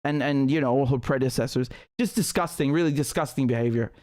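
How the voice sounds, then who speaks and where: A man's voice: mid-range voice, quick pace, darkish tone. A man hosting a live political stream, talking in a heated, sarcastic way with many restarts.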